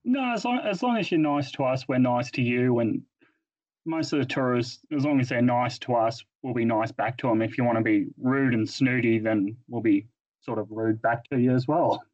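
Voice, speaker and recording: A man's voice: mid-range voice, normal speed, a little mellow, no room sound. A man from Australia with an Australian accent, chatting easily as a podcast guest. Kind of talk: casual podcast chat. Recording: dry, dull lo-fi call audio.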